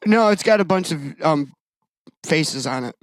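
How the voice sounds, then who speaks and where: Man, podcast co-host, crude deadpan humor, rambling, dry close sound. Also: on the high side, moderate pace, no echo. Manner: rambling, self-interrupting. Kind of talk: casual chat.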